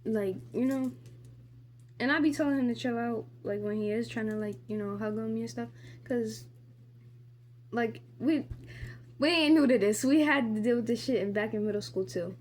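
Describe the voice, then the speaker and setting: A woman's voice: a little high, moderate pace, darkish tone. A teenage girl vlogging while doing her makeup at home, telling a story in a rambling, profane way full of "like" and rants. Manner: rambling, profane, heavy use of "like"; indignant ranting. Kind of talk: casual get-ready-with-me storytime.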